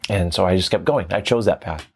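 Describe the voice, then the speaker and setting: A man who teaches tantra, telling his story in a reflective, animated interview. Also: sits low, a little fast, breathy edge. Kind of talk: conversational interview.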